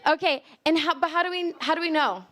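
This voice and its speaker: A woman's voice: high voice, fast, pushed and bright. Bubbly young American woman lecturing. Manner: bubbly, laughing often, chatty with many "like"s. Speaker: linguistics speaker. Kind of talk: casual public talk. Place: library event space with live audience.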